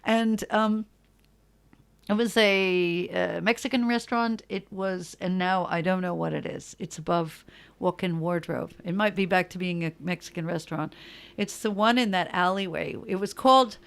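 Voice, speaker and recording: Gravelly New York woman telling stories. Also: lowish voice, normal speed. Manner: animated, laughing, acts out quotes in voices. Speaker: guest. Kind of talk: casual storytelling chat.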